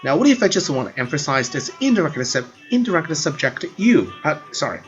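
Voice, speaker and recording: Brisk and highly animated, a language teacher with a slightly high voice walks through a grammar lesson in an earnest, explanatory way, often echoing his own words. Faint music plays beneath the dull, lo-fi sound.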